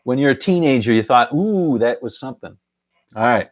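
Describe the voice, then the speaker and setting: A man's voice: mid-range voice, lively intonation, normal speed, lo-fi sound. A middle-aged man hosting a casual live stream, chuckling often and half-singing song lines as he reads out viewer answers.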